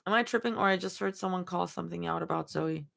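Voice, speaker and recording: A woman's voice: lowish voice, quick pace, gravelly, fairly bright tone. Giggly woman reading a story live. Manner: giggly, laughs often between lines. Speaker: fanfiction reader on a livestream.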